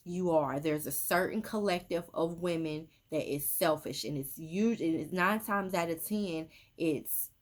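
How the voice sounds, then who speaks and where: A woman's voice: fairly low pitch, moderate pace, few pauses. Woman, casual emphatic medium monologue. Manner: emphatic, repetitive, with many fillers. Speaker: spiritual medium. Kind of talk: casual social media monologue.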